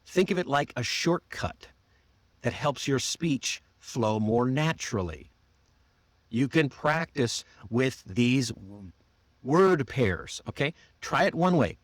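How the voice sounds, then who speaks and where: A man with an American accent, coaching pronunciation in a livestreamed lesson and demonstrating words slowly and deliberately. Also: mid-range voice, animated, dry recording. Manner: slow, drawn-out demonstrations of words.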